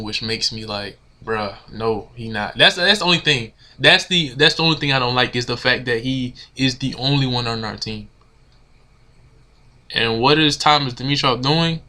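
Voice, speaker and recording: A man's voice: medium pitch, moderate pace, bright, forceful tone. A man ranting casually to his camera as a sports fan, exasperated and slangy, repeating himself. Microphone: camera mic.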